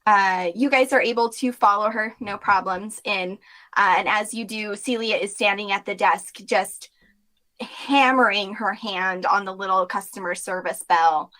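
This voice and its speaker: A woman's voice: medium pitch, measured pace. Woman game master narrating a scene. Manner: relaxed, filler-heavy narration.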